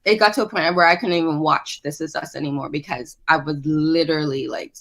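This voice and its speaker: A woman's voice: low-pitched, a little fast, vocal fry. A woman co-hosting a show review podcast from her apartment, chatting casually and laughing often. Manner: animated, laughs often, restarts sentences. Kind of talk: casual chat. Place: studio apartment.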